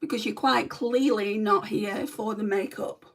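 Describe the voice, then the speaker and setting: A woman's voice: medium pitch, steady tone, a little slow, fairly bright tone, recorded from a distance. A woman with a Lancashire accent chatting bluntly to live viewers while she does her makeup. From North West England. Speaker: makeup livestreamer. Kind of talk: casual chat while doing makeup.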